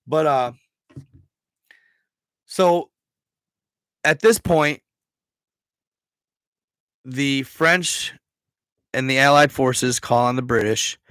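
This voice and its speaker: A man's voice: medium pitch, extremely slow, long pauses, a bit bright, clear, resonant tone, no echo, studio quality. A man hosting a casual livestream, rambling through a history story in slangy speech and stumbling over words. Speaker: livestream host.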